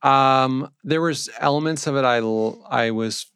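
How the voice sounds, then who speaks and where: A man's voice: medium pitch, a little slow, fairly bright tone, clear, resonant tone, no room sound, studio quality. A man co-hosting a podcast, reviewing films in casual chat, rambling and searching for words. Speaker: podcast co-host.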